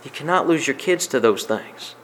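A man's voice: medium pitch, animated, moderate pace, a bit bright, slight background noise. A man preaching a sermon, repeating key lines for emphasis. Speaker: pastor.

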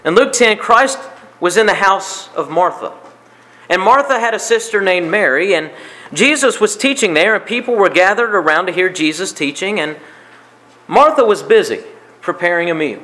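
A man with a notably high voice delivers a sermon. He drives points home by repeating them in earnest preaching cadence. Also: lively intonation, normal speed, pushed and bright. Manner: preaching with emphatic repetition. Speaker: pastor.

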